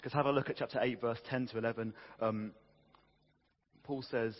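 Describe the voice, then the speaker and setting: Male preacher, animated conversational sermon, long church reverb, slightly dull sound. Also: mid-range voice, moderate pace. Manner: animated, conversational, with many restarts.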